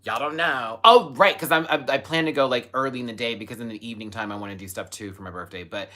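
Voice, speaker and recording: A man hosting a casual live stream, gushing and chatty, with sudden high squeals of excitement. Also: racing, hardly any pauses. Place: home, in Los Angeles.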